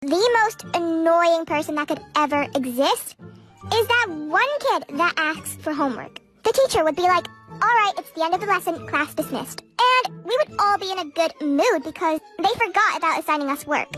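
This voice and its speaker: Very high-pitched storytime narrator, woman. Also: animated, normal speed, fairly bright tone, faint music behind. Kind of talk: storytime narration over gameplay.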